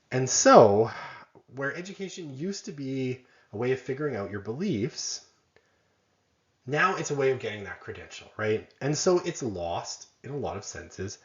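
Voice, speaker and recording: A man's voice: medium pitch, reverberant, dull audio. A man giving a conversational college lecture, often checking in with "right?" and making self-deprecating asides.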